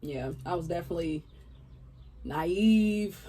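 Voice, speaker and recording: A young woman co-hosting a casual chat, telling stories in an animated way with lots of laughter. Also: on the low side, slow pace, breathy edge. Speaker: podcast co-host.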